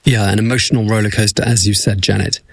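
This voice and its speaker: A man interviewing a patient, asking gentle, measured questions. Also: fairly low pitch, steady tone, vocal fry, dry recording.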